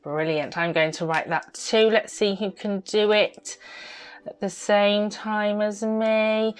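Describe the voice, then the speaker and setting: A woman leads a phonics lesson for young children, speaking at an unhurried pace. She sounds out words piece by piece and cheers on every small success. Her voice sits at an ordinary middle pitch. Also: steady tone, clear, resonant tone, soft background music. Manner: slow, exaggerated sounding-out of words; bright, encouraging praise. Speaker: phonics teacher.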